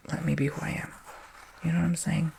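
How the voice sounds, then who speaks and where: A man with a strongly gravelly, fry-heavy voice rambles through a soft-spoken ASMR chat. He drifts between quiet talk and breathy whispers and keeps checking in with the listener. A faint hiss of noise sits under the close, intimate sound. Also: on the high side, flat delivery, fast talker. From Macedonian-American family. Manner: rambling, emotional, full of "you know what I'm saying". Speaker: ASMR channel host.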